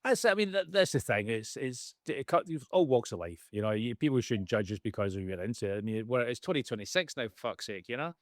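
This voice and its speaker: Relaxed, casual man podcast host. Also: medium pitch, fairly quick, hardly any pauses, no room sound, clean studio sound. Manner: relaxed, casual, swears offhandedly. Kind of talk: casual interview.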